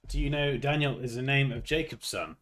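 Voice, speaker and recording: Male livestream host, mid-pitched voice, dry teasing humor, thinks out loud. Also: brisk, a little hiss or hum. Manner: wry, teasing, jokey asides. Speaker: designer hosting a livestream. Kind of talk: thinking aloud while designing live.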